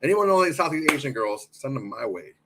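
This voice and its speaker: A man's voice: mid-range voice, very animated, quick pace, background noise. Crude joking man co-hosting. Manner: crude, laughing banter. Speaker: podcast co-host. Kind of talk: casual sports podcast chat.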